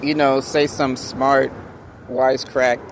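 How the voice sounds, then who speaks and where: A man giving a casual motivational talk to camera, speaking slowly and deliberately with many pauses and restarts. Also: mid-range voice, little pitch movement, noisy background. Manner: slow, deliberate, halting speech with many restarts. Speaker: vlogger.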